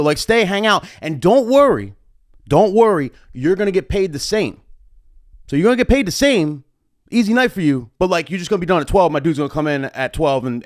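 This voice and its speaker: A breezy young club promoter, as a man puts him on, easygoing and repeating himself to smooth things over. His voice sits fairly high and bounces around, caught on a dry close mic. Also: no echo. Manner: casual, reassuring, repetitive.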